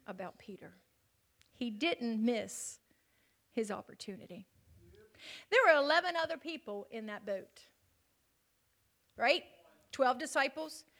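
A woman preaching a sermon, swinging from loud, rising passages to hushed near-whispers. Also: high-pitched.

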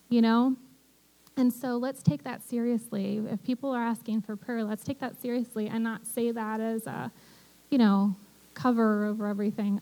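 A woman delivers a relaxed, heartfelt sermon. Her voice sits a bit high yet sounds warm and mellow. She talks earnestly, checking in with her listeners as she goes. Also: moderate pace, rough recording. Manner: earnest, conversational, peppered with "you know". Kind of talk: casual sermon.

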